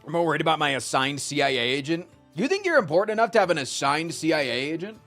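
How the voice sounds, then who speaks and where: Soft music plays behind a fast-talking man whose voice leans high as he livestreams a casual chat. He reads and responds to chat messages, and his animated stories are peppered with swearing.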